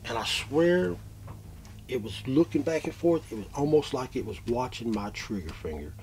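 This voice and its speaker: A man's voice: medium pitch, moderate pace. Brief: male eyewitness, middle voice, emotional retelling with a faint background hum. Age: adult, a father. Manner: animated, repeats himself, swings from loud to hushed. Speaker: eyewitness interviewee. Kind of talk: emotional first-person retelling.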